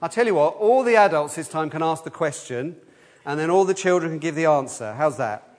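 A man leading a children's talk in church, lively, asking the room questions and leading call-and-response answers. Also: a little high, fairly quick. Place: church hall. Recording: long hall reverb.

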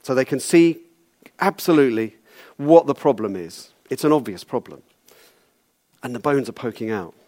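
A man's voice: mid-range voice, animated, normal speed, pauses often, dark tone. A man preaching a sermon in a conversational, wry way, often repeating words as he goes.

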